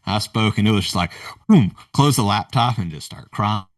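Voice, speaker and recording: A man who is a leadership coach, telling a personal story in a podcast interview in an earnest, halting way, often quoting others. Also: on the low side, animated, dry recording, clean studio sound, distant mic. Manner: earnest, halting retelling with quoted dialogue. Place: remote video call.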